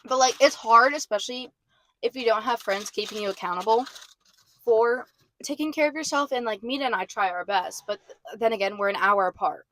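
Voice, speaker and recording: A woman's voice: fairly high pitch, fairly quick, a bit bright. Young female podcast co-host, loose chatty delivery, filler-heavy. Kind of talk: casual chat.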